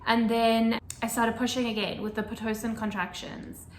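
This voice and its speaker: A woman telling the story of her child's birth in casual chat, animated and acting out the voices of the hospital staff. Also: a little high, moderate pace, roomy sound, slight background noise.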